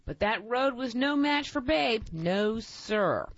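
A woman spins a folksy yarn in a playful way. Her voice sits a bit high and moves up and down a lot. The sound is dull and dry, like an older lo-fi recording. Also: expressive, slow pace, dry recording. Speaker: storyteller and co-host. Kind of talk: folksy tall-tale storytelling.

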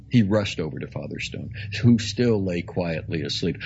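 A man reading a story aloud in a slow, deliberate, dramatic way. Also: deep voice, creaky, a little mellow, lo-fi sound, slight background noise. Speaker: narrator. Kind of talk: audiobook reading.

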